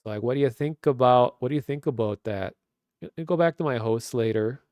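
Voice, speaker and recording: A man's voice: mid-range voice, fairly quick, a little mellow, dry recording. A man in his thirties with a Minnesotan accent, chatting casually on a webcam stream and rambling with lots of fillers. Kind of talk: casual chat. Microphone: webcam stream mic.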